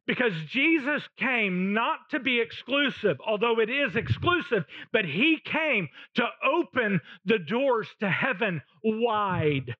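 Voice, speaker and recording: A man with a fairly high voice preaches a sermon at an unhurried pace, pressing each short phrase with long pauses between them. The recording is dull and lo-fi, with a dry sound. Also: animated, no echo. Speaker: pastor.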